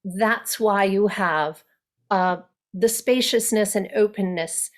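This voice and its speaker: A woman dialect coach teaching an acting workshop, explaining in a measured, explanatory way. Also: medium pitch. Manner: measured, explanatory, with brief demonstrations.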